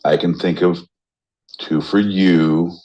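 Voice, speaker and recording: A man co-hosting a podcast in loose, rowdy banter. He talks slowly in a lowish voice and keeps jumping into loud, joking mock voices. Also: steady tone, highs cut off. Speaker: podcast co-host. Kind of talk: casual banter.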